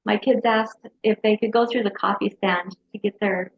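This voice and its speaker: A woman's voice: mid-range voice, normal speed, slightly rough. Woman therapist telling a story, lo-fi sound. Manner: lively storyteller who acts out her kids' voices. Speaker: hypnotherapist and mental health counselor. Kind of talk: interview storytelling. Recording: dull lo-fi sound.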